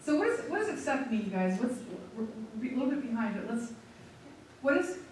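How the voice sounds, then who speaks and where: A woman seminar leader teaching through a chatty, animated personal story, acting out her inner thoughts. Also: high-pitched, brisk. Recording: echoey room, distant mic, noisy.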